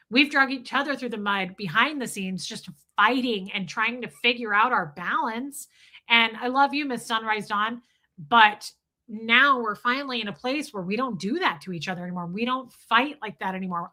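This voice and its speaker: Candid woman streamer with a bright, forceful voice, chatting bluntly to viewers. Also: fairly high pitch. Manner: candid and blunt, swears freely, animated. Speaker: livestream host. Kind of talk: casual livestream chat answering viewers.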